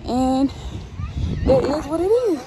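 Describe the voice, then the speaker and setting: A woman's voice: high-pitched, slow. A woman in her twenties, pregnant, chatting casually to her vlog camera at the beach. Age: 20s. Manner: relaxed, chatty, coaxing her toddler in a singsong. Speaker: vlogger, pregnant mother. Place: outdoors on a beach. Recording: loud beach noise behind.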